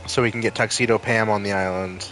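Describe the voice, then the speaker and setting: A man's voice: lowish voice, steady tone, quick pace, music in the background, poor audio. A man chatting casually as he streams a game, rambling and joking and saying "like" a lot. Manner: rambling and jokey, leans on "like". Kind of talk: casual live-stream chatter while gaming.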